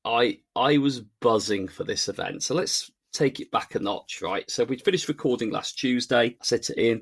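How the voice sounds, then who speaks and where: A man's voice: medium pitch, moderate pace, hardly any pauses. A man co-hosting a casual podcast, chatty and jokey. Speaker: podcast co-host. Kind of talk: casual chat.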